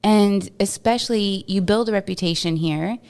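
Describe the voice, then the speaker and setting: A woman from Texas, a podcast guest, telling stories in an animated, casual way and laughing often. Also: medium pitch, moderate pace, smooth. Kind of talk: casual storytelling interview.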